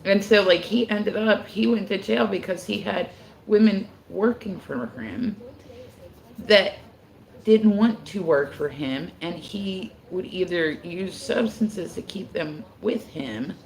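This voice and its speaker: A woman's voice: medium pitch, slow pace, vocal fry, roomy sound, poor audio. A woman chatting casually on her livestream, rambling with constant filler words and frequent swearing.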